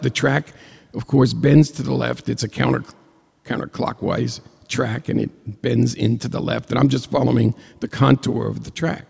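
Older guy telling a funny story, super gravelly and raspy voice, echoey hall. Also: mid-range voice, normal speed. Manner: animated, acts out dialogue. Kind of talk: comic personal storytelling. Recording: long hall reverb.

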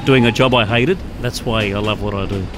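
A man who works as a train station announcer, speaking in a casual interview in a shy but animated way and laughing easily, recorded on an outdoor station platform. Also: on the low side, a little fast, over music. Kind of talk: casual interview, with bits of singing.

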